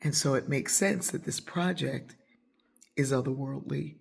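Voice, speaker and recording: A woman telling a casual personal story, acting out her friends' voices with whispers and sudden high squeals. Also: measured pace, vocal fry. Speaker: storyteller host.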